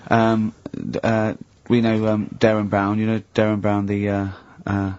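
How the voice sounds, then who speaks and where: A man hosting a radio show, chatting casually, teasing his co-hosts and telling stories with animated energy. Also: fairly low pitch, measured pace, dry recording, muffled recording. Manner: joking, teasing, animated storytelling. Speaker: radio host. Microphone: studio microphone.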